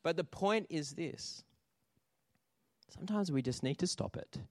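A man preaching a lively sermon, telling stories and calling out to the congregation for responses. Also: fairly high pitch, a little slow, dry recording. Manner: animated storytelling with audience call-outs. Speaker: pastor.

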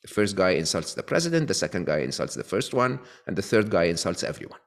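Here the guest author sounds very animated, speaking quickly in a low voice. While laying out his views, he repeatedly asks "okay?" and starts sentences over.

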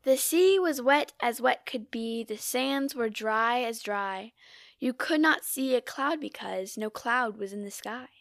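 Gravelly-voiced woman reciting a poem. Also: a little high, expressive, fairly bright tone, no room sound, studio quality. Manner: measured, theatrical reading with sudden drops to a whisper. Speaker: poetry reader. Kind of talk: poetry recitation.

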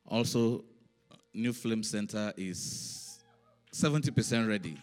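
Low-voiced man as an emotional pastor, moving between quiet talk and shouted praise in church. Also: expressive, slow pace, faint music behind. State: emotional, near tears. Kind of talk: church sermon and prayer. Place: church service.

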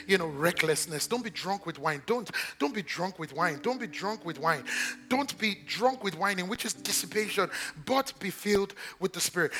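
A man preaching a sermon as pastor, in a sing-song cadence that repeats phrases and builds to shouts. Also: high-pitched.

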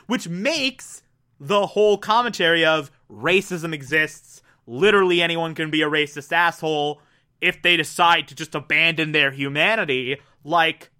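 Bright, high-voiced male reviewer. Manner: animated, emphatic, mocking asides. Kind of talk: casual episode review.

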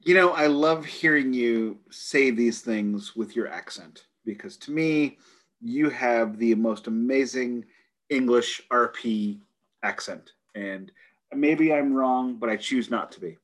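A man from the United States co-hosting a music podcast, talking in an animated, emphatic and joking way. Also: medium pitch, slow. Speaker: podcast co-host. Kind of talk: casual podcast chat.

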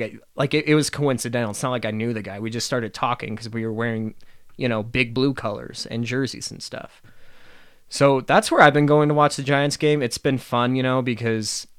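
A young man rants casually on his own podcast, wandering from tangent to tangent with plenty of profanity and laughter. His voice has a middling pitch and is recorded dry and close, with no room sound. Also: fairly bright tone, smooth, no room sound. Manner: rambling, profane, laughs often. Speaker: podcast host. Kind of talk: casual solo podcast rant.

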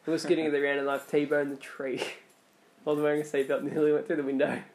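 A man's voice: on the high side, flat delivery, fast talker, darkish tone, slight background noise. A young Australian man co-hosting a podcast, blunt and teasing in casual chat. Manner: blunt, teasing, laughs often. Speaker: podcast co-host.

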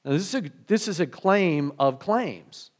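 A man delivering a sermon with a somewhat high-pitched voice. He talks conversationally, piles up rhetorical questions and restarts his phrases as he works through his points. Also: expressive, unhurried. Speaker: pastor.

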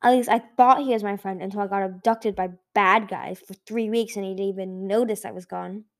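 A woman's voice: mid-range voice, steady tone, brisk, close to an everyday voice. A woman voicing a bubbly, chatty young female dragon in a storybook reading, cheerful and teasing.

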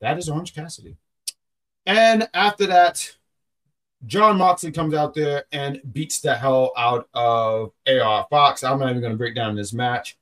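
A man's voice: medium pitch, measured pace, fairly bright tone. A man hosting a podcast in casual, rambling chat, often stopping to correct himself. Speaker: podcast host.

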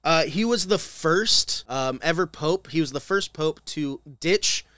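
A man's voice: on the high side, expressive, measured pace, pushed and bright, dry recording. A man co-hosting a podcast, walking through a history story point by point with a dry, wry edge. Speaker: podcast co-host. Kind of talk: casual storytelling chat.

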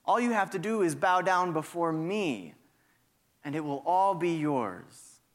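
A cunning male accuser spirit that taunts and needles with mocking questions, as a preacher puts him on. The voice sits fairly high and moves slowly. A long hall reverb trails behind every word. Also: animated. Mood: alluring.

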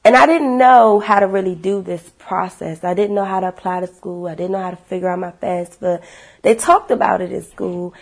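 A woman sharing her life story with viewers in a casual, animated testimony, blunt and swearing freely. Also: medium pitch, normal speed, creaky.

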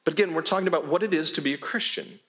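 A man's voice: fairly high pitch, rapid-fire, a bit bright. A male pastor preaching a sermon in a church, with a conversational, emphatic delivery and frequent repeated words. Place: church sanctuary.

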